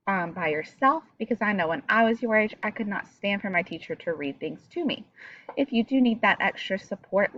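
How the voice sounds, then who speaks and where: A woman's voice: medium pitch, highs cut off. A woman teaching a recorded reading lesson, explaining step by step and talking directly to her pupils.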